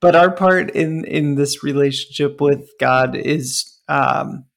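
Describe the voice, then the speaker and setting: A man co-hosting a podcast, chatting casually about faith in a relaxed, hesitant way. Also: fairly high pitch, slow pace, creaky. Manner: relaxed, hesitant, laughs easily. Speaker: podcast co-host.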